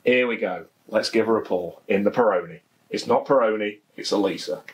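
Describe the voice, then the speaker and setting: A man's voice: fairly low pitch, fairly quick. A man with a Leicestershire accent, chatting casually and jokingly as he reviews a beer at home, often repeating his phrases. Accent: Leicestershire English. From England. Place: home garden, outdoors.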